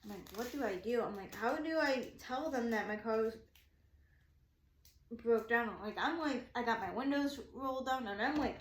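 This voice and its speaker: Rambling, excitable woman in an echoey room. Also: on the high side, normal speed. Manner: animated, rambling, heavy use of "like". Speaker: craft shop vlogger. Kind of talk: casual storytime chat.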